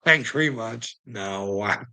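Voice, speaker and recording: A man's voice: medium pitch, takes it slowly, pushed and bright, rough recording. A man rambling casually to his livestream chat, swearing a lot and chuckling often between phrases. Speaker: livestream host talking to chat.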